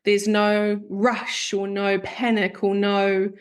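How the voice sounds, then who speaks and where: Speaking slowly in a monotone, mid-range voice, a woman who is both a podcast host and a therapist opens up in candid conversation. Her storytelling is confessional, and she acts out the quotes she recalls.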